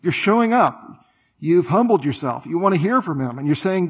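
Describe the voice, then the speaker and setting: A man preaching a sermon in a conversational, animated way, full of rhetorical questions and playful asides. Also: high-pitched, normal speed, breathy edge. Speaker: pastor.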